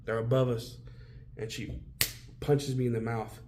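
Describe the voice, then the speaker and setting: A man's voice: mid-range voice, little pitch movement, measured pace, background noise. A man as an interview guest, telling his own story bluntly and with heavy swearing. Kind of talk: candid personal storytelling.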